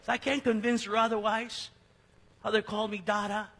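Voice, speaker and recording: A middle-aged pastor preaches from the pulpit in a high, bright, slightly husky voice. His sermon style is conversational and jokey, dropping suddenly into a hush. The long reverb of a church sanctuary hangs around every word. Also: little pitch movement, normal speed.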